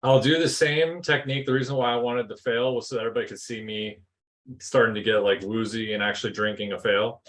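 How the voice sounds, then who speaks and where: A man's voice: medium pitch, fairly even intonation, fast, a bit bright, low-quality recording. A man playing a tabletop game, explaining his moves in a rambling way with many fillers. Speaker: player. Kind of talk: casual tabletop play.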